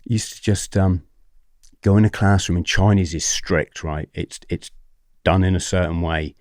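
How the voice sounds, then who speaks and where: A man with a fairly low voice tells his story to a podcast host, animated and blunt, swearing freely and often checking in with his listener. The recording is dry and close with no room sound. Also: normal speed, dry recording. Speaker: podcast guest. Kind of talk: candid storytelling interview.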